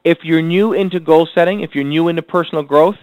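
A man teaching a recorded goal-setting lesson, asking rhetorical questions and repeating key lines slowly for emphasis. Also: on the high side, dry recording, phone-quality sound. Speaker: self-improvement teacher.

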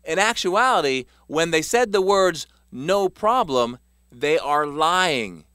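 A man reading a self-help text aloud as scripted narration, measured and emphatic. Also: fairly high pitch, animated, sharp tone, clean tone, dry recording, clean studio sound. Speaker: author narrating his self-help book.

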